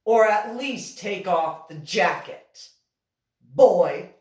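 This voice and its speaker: A woman tells a story from her own life in a casual, animated monologue, laughing often and turning stern and scolding when she quotes herself. Her medium-pitched voice is extremely slow, recorded at a distance with roomy echo.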